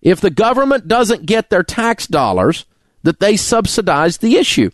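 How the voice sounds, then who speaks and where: A man's voice: high voice, sing-song, normal speed, no echo, studio quality. A middle-aged man, hosting a talk radio show and delivering an angry, indignant rant full of name-calling. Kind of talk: ranting talk radio monologue.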